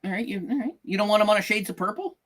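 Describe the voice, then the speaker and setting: A man's voice: high voice, very fast, fairly bright tone. A middle-aged man co-hosting a podcast in casual chat, joking and repeating himself. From outside the United States. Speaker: podcast co-host.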